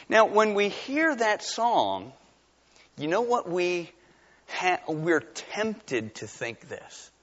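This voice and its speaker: A man's voice: fairly high pitch, sing-song, slow, fairly bright tone, long reverb tail, muffled recording. A middle-aged man preaching a conversational sermon as pastor, building to emphatic peaks.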